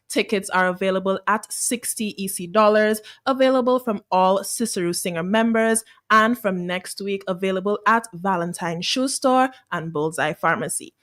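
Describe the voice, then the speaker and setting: A woman's voice: mid-range voice, fairly bright tone. A woman, a choir member promoting her group's show on a radio talk program in an upbeat, persuasive way.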